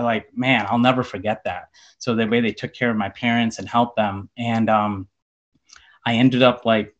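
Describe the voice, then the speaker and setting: A man's voice: mid-range voice, highs cut off. A man telling a personal faith story in casual, rambling talk full of fillers. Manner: rambling, many fillers like "like" and "you know". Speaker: person sharing a faith testimony.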